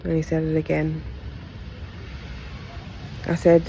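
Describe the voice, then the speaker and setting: A woman from Australia hosting a podcast, giving a candid, heartfelt retelling of a personal story in halting phrases with pauses. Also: low-pitched, completely flat delivery, creaky, mellow, a little hiss or hum, low-quality recording. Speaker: podcast host.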